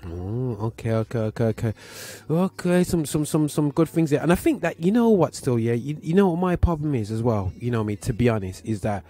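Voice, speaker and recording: Slangy Birmingham man, husky voice. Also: mid-range voice, sing-song, brisk, hardly any pauses, warm tone. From Birmingham, England. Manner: rambling, slangy, repeats filler phrases. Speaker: show host. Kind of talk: casual chat on a gospel show.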